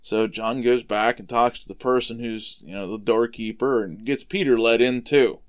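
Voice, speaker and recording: A man hosting a podcast, casually retelling a Bible story for children, relaxed and conversational, explaining things simply. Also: medium pitch, normal speed. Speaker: podcast host retelling Bible stories for kids.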